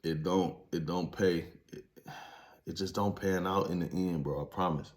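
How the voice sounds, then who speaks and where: A man's voice: deep voice, steady tone, moderate pace. A former inmate telling his story in a casual, blunt, heavily profane monologue that rises to emphatic preaching.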